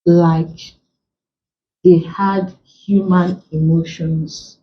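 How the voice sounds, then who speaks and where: Slow-explaining woman teacher, dull sound. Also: lowish voice, level tone, slight background noise. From Nigeria. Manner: explains slowly, repeats key phrases, frequent "like" fillers. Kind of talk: exam-prep lesson.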